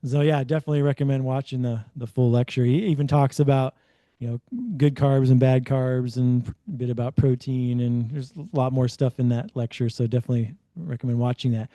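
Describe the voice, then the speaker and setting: Mellow-voiced man in a casual commentary. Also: mid-range voice, fairly even intonation, a little fast, dry recording. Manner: loose, restarts often. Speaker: host.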